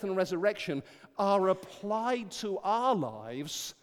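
An older man preaching a sermon, rising to emphatic declarations and dropping to quiet storytelling. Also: sits high. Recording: long hall reverb.

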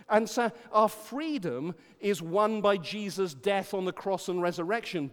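An older man preaching a sermon, rising to emphatic declarations and dropping to quiet storytelling. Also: high voice, lively intonation, measured pace, hardly any pauses. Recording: long hall reverb.

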